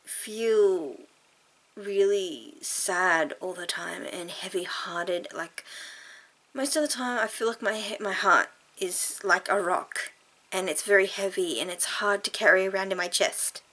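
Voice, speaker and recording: A tearful woman talking frankly and earnestly to camera in a personal vlog, halting and sighing. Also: mid-range voice, a bit bright. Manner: earnest and heartfelt, halting with sighs. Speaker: vlogger.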